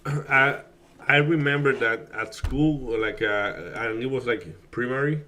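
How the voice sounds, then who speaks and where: A man's voice: mid-range voice, slow pace, pushed and bright, slight background noise. A man whose first language is Spanish, chatting casually on a live stream, rambling with many fillers and restarts. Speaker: day trading streamer.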